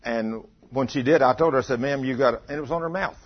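Husky preacher telling folksy stories. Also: male voice, mid-range voice, quick pace. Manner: folksy storytelling, teasing the congregation. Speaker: pastor. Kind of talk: sermon. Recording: dull lo-fi sound.

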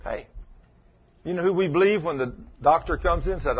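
A man preaching a sermon, telling stories in a fervent, animated way with a husky voice. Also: fairly high pitch, brisk, long pauses, highs cut off.

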